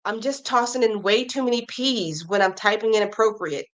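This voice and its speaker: Her voice sits at medium pitch, a little bright, moving at a moderate pace. She's running a laid-back crochet stream, chatting with her audience, reading and reacting to their comments, and breezing through pattern descriptions in an upbeat way.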